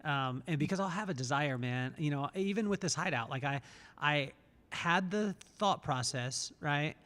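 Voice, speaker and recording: This podcast host speaks in a slightly high, somewhat bright voice with lively intonation at a normal pace, and a long reverb tail follows his words. In a casual podcast conversation, he sounds earnest and reflective, repeating words as he works through his thoughts.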